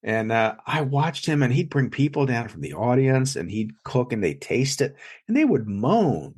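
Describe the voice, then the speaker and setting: A man's voice: medium pitch, very animated, moderate pace, darkish tone, slightly rough. A man, a chef and food blogger, chatting as a guest, telling stories in a rambling way full of fillers and restarts. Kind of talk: casual storytelling in an interview. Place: lives in South Jersey.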